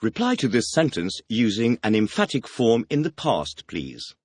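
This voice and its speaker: A man reading the teacher's questions in a scripted audio language lesson, announcing words and asking quick questions. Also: mid-range voice, sing-song, no echo. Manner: announces words, then fires quick questions with a clipped "please".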